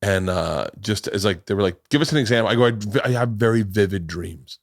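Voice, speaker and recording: A man's voice: on the low side, expressive, a little fast, no echo, studio quality. A middle-aged man hosting a podcast, rambling through casual stories and acting out quotes, swearing freely. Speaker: podcast host. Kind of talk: casual chat.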